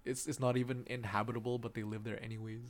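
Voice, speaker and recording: A man's voice: medium pitch, flat delivery, fast. A young man co-hosting a podcast in casual chat, rambling and packing his talk with "like" and "man". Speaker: podcast co-host.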